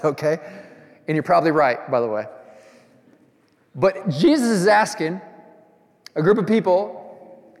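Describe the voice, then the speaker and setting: A man preaching a sermon as pastor, talking conversationally and telling animated stories with asides to the congregation. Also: on the high side, normal speed, pauses often, long reverb tail.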